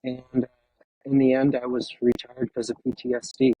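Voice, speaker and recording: A man in his fifties, a retired firefighter, speaking candidly and emotionally in an interview, with halting pauses and restarts over a video call. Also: medium pitch, completely flat delivery, dull audio.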